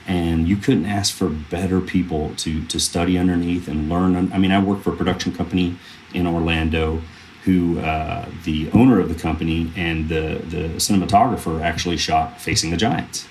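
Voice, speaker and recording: A podcast guest in his thirties who works as a film producer speaks in a low, steady voice at a moderate pace, slightly mellow, over a little hiss or hum. He rambles through earnest stories in a casual interview, using fillers and restarting himself.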